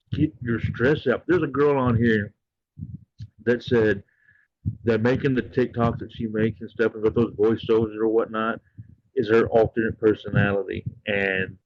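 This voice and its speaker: A man's voice: lowish voice, no room sound, lo-fi sound. A man hosting a casual livestream, talking in an earnest, rambling, heartfelt way. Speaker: livestream host.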